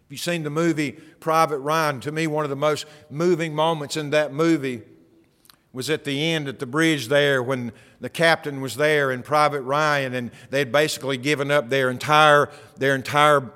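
A man's voice: a little high, fairly even intonation, measured pace, sharp tone, in a large hall. A male pastor giving a sermon in a conversational preaching style, often asking the listeners rhetorical questions.

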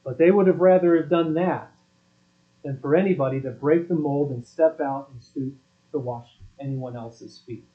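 A man's voice: on the high side, moderate pace. A man preaching a sermon as pastor, speaking emphatically and asking his listeners rhetorical questions. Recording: dull lo-fi recording.

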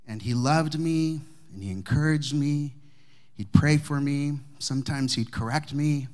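A man preaching, a pastor telling a personal story to his congregation with humor and warmth of delivery. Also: a little high, unhurried. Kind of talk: sermon storytelling. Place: church sanctuary with congregation.

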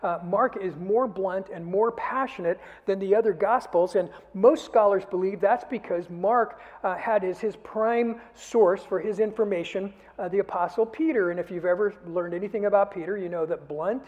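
An older man preaching a sermon as a pastor, earnest, rising to loud emphasis and sinking to near whispers. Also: high voice, normal speed, hardly any pauses. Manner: earnest, swells louder then drops to a near whisper. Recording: dull sound with long hall reverb.

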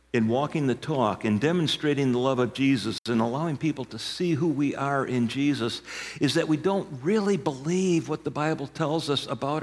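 An older man in his sixties delivers a sermon as a longtime pastor. His pitch sits in the middle of the range, and he builds his stories toward emphatic, shouted punchlines. His voice carries a long reverb, as if filling a church sanctuary. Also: husky.

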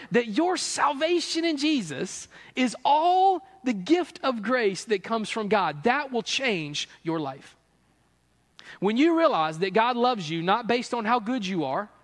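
A man preaching a sermon as pastor to a gathered room, telling stories with laughs and playful asides. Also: high-pitched. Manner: animated storytelling with laughs and asides. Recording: long reverb of a large hall.

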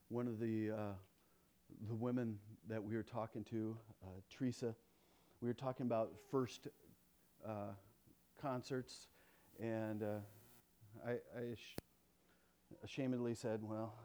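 A pastor preaching a sermon, swinging between loud emphasis and hushed intensity, and telling stories with playful quoted dialogue. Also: male voice, mid-range voice.

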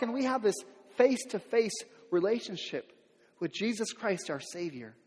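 A middle-aged man, a pastor, preaching a sermon in a conversational way, repeating words and building to loud emphatic peaks. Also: sits high, big pitch swings, normal speed, slightly rough. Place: church sanctuary. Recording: long hall reverb.

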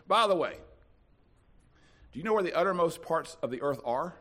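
A pastor from North Carolina, preaching a sermon with dramatic swings from soft to loud. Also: male voice, mid-range voice, normal speed.

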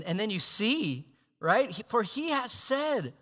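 A man preaching a sermon as pastor, animated, swinging between loud emphasis and hushed asides. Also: high voice, normal speed. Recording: long hall reverb.

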